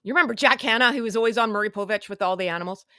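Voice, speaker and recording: A woman's voice: a little high, rapid-fire, pushed and bright, dry recording, clean studio sound. A woman hosting a casual live stream, talking in a sarcastic, rambling, chatty way. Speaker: online show host.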